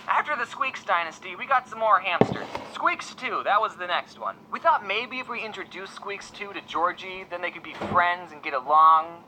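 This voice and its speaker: A video creator telling a scripted comedic story with deadpan jokey asides. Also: medium pitch, slight background noise, poor audio.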